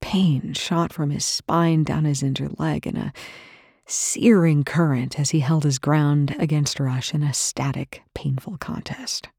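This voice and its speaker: A narrator reading a tense story aloud in a steady, dry storytelling manner. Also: mid-range voice, a little slow, gravelly, slightly rough, no room sound. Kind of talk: scripted narration.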